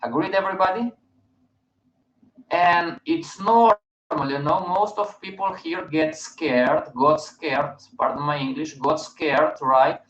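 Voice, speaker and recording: A man's voice: on the high side, takes it slowly, a bit bright, a little hiss or hum. A man hosting a live webinar, speaking emphatically and often checking in with his listeners. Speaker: host, market educator. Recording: roomy, dull stream audio.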